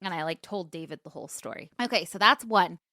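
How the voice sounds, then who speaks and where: A woman co-hosting a podcast, telling stories in casual chat, animated and swearing freely as she acts out what people said. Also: on the low side, fast, no room sound, studio quality. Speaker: podcast co-host.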